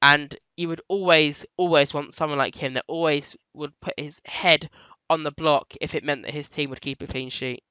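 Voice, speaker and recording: Bright, crisp-voiced man chatting football. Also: on the high side, fairly even intonation, normal speed, no echo, dull audio. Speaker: podcast co-host. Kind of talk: casual football chat.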